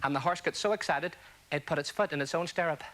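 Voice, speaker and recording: A man's voice: a little high, fast, bright, forceful tone. A man doing a stand-up comedy routine, firing off chatty one-liners to an audience.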